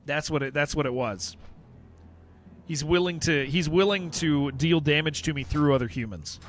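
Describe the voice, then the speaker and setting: A man's voice: a little high, moderate pace, slight background noise. A man live-streaming a game, chatting casually to viewers in a rambling way, often repeating himself and answering chat. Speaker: livestreamer playing an online game.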